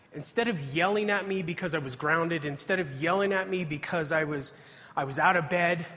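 A man's voice: fairly high pitch, fairly bright tone. A man preaching a testimony sermon, telling his story earnestly and reading scripture aloud. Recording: hall reverb.

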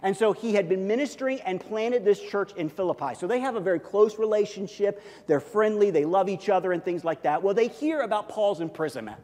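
A man's voice: sits high, animated, a little fast, hardly any pauses, warm tone, in a large hall. A man preaching a sermon as pastor, telling the story in a loose, conversational way with many fillers and restarts.

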